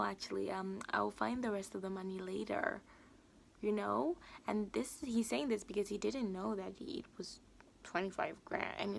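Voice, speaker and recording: A woman vlogger giving a casual, animated recap of a TV episode and acting out the characters' lines. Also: mid-range voice, vocal fry, slight background noise. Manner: animated, acts out characters' lines, laughs often.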